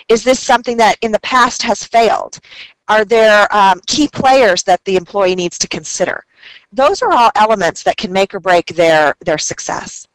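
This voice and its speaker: A woman presents a webinar and teaches through stories and anecdotes. Her voice sits fairly high, and it is recorded dry and close with no room sound. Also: fairly bright tone, no room sound, rough recording. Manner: anecdotal storytelling, with quick asides.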